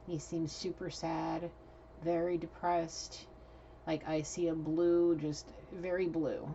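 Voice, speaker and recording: Woman tarot reader, low voice, casual and blunt; muffled recording with faint hiss. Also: little pitch movement, slow, warm tone. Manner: chatty and blunt, swears freely. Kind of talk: casual channeled tarot reading.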